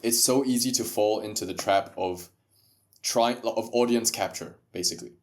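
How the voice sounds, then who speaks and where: A man's voice: fairly low pitch, normal speed, slight background noise. A man who is a guest on a podcast, talking about entrepreneurship and content creation in an emphatic way, with rhetorical questions and frequent laughs. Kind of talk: casual podcast conversation.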